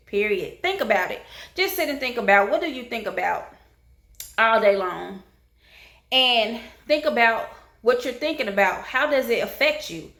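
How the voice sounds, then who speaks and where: A woman delivers an emphatic, preachy pep talk, hammering her points with repetition. Her voice sits a little high. The room adds a noticeable echo. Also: sharp tone. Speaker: Christian encouragement vlogger. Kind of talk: casual inspirational pep talk.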